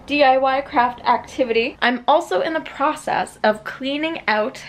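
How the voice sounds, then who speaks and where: A woman's voice: sits high, moderate pace. A woman in her twenties chatting casually to the camera in a vlog, bubbly and giggly. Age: 20s. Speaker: vlogger.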